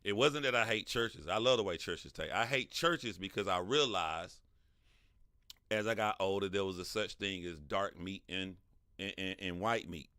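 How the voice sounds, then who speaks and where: A deep-voiced man riffs through a casual livestream. His tone is bright and forceful, and he laughs often as he answers his chat. The close, dry mic leaves no room sound. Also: moderate pace, clean tone, dry recording. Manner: animated, laughs often, talks back to chat. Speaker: livestream host.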